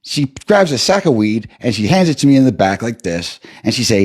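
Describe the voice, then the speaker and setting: A man's voice: medium pitch, big pitch swings, brisk, few pauses, a little mellow, breathy edge. A man hosting a livestream, telling a rambling story in a casual, profane way. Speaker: livestream host.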